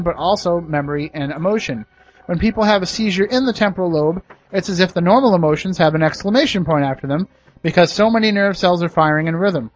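A man's voice: high voice, lo-fi sound. Chatty man host reading news. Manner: chatty, adds personal opinions and jokes. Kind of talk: casual news chat.

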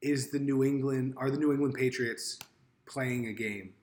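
A man co-hosting a podcast in casual chat, with deadpan jokes. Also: mid-range voice, normal speed, roomy sound. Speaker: podcast co-host.

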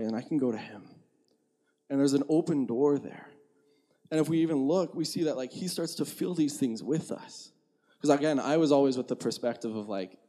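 A man's voice: medium pitch, dark tone. A young man giving a sermon in a conversational, candid way, acting out his own inner dialogue. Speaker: preacher.

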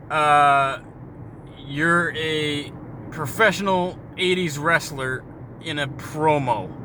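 A man's voice: on the high side, pushed and bright. A man hosting a casual car podcast, rambling and jokey with frequent swearing while he drives. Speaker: podcast host. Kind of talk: casual storytelling while driving. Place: inside a moving car. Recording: car road noise behind.

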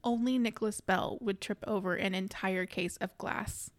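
Woman with a gravelly voice, casual podcast. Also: medium pitch, moderate pace, no echo, studio quality. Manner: animated retelling with acted quotes and laughter. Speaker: podcast co-host. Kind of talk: casual book discussion.

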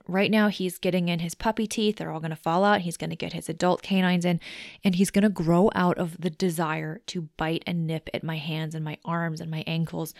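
A woman's voice: lowish voice, a little mellow, dry recording, clean studio sound. A woman hosting a solo self-help podcast. She talks in a conversational, reflective way and explains things step by step. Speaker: podcast host.

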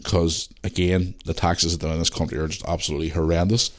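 A middle-aged man with a Northern Irish accent hosting his own podcast alone, ranting bluntly with lots of swearing and tired from a rough day. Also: low voice, little pitch movement, fast. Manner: blunt and sweary, rambling rants. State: tired, yawning. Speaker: podcast host. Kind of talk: casual solo podcast chat.

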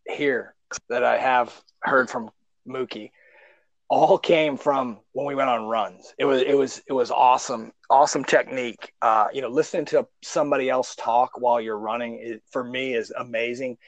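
A man hosting a casual chat, talking with relaxed enthusiasm about running with a friend. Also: medium pitch, moderate pace, no echo. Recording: dull, dry sound.

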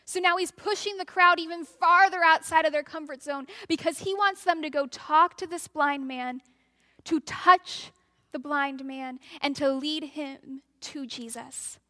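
A woman's voice: high-pitched, fairly even intonation, a little slow, pushed and bright. A woman preaching a sermon, telling a story and acting out the voices of the crowd.

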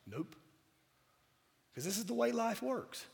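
A man from South Georgia with a Southern accent, preaching a sermon while hoarse from a cold, mixing wry jokes to the congregation into his points. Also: very high voice, big pitch swings, takes it slowly, a little mellow. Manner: wry, joking asides to the congregation. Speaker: pastor. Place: church sanctuary. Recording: church hall reverb.

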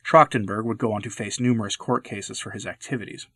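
A man's voice: fairly low pitch, quick pace, sharp tone, breathy edge, no room sound. Earnest man reading commentary, dry close mic. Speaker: podcast host. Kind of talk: scripted commentary read aloud.

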